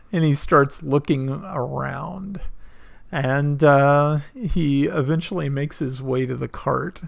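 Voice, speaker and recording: A man narrating as game master in a tabletop role-playing game, with halting speech full of fillers. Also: fairly high pitch, vocal fry, no room sound.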